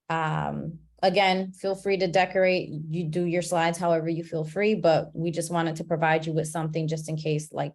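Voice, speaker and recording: Woman, class facilitator, lower voice, relaxed, chatty, video call. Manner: relaxed, chatty, laughs at own slips. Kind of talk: online class wrap-up.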